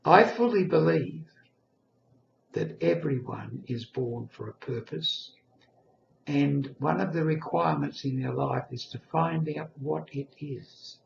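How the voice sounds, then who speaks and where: A man's voice: on the high side, takes it slowly, vocal fry, slight background noise. An elderly man in his eighties telling a personal story in an earnest, reflective monologue. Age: 80s. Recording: echoey lo-fi room recording.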